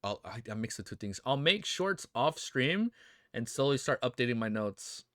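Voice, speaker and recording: A young man streaming, reacting emotionally and excitedly to fan art in casual chat, swearing often and calling viewers dude and bro. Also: medium pitch, moderate pace, no echo, clean studio sound.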